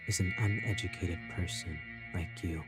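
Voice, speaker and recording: A menacing male killer painter, put on by a woman streamer, speaking in a voice dropped extremely low. His tone is cold and contemptuous, sneering down at the player. Loud game music plays behind him. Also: normal speed.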